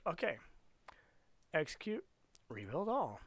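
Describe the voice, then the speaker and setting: A man's voice: a little high, huge pitch swings, slow, background noise. A man streaming a casual coding lesson, playful and rambling, slipping into silly voices as he works.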